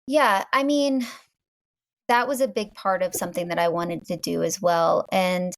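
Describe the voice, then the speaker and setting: A woman's voice: on the low side, fairly even intonation, unhurried, dry recording. A woman from Virginia with a Southern US accent, a guest talking casually and rambling, with many restarts and a lot of "like". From Virginia, USA. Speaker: guest filmmaker. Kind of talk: casual interview chat.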